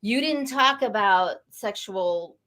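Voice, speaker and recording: A woman in her late fifties, a guest on a talk show, telling her life story in an animated, emotional way. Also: mid-range voice, slow. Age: 50s. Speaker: guest, energy coach. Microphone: studio or video call mic.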